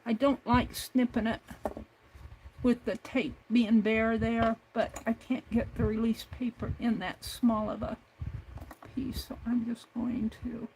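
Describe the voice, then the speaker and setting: A woman's voice: on the high side, little pitch movement, unhurried, creaky, darkish tone, slight background noise. A woman hosting a craft livestream, talking herself through each step at her home desk. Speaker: craft channel host. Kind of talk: casual crafting livestream narration.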